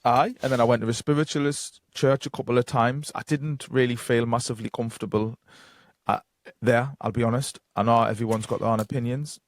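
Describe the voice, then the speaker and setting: A man's voice: mid-range voice, steady tone, a little fast, no echo. Rambling Geordie man telling stories. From North East England. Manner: rambling anecdotes with many fillers and quoted dialogue. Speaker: guest psychic medium. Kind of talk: casual storytelling.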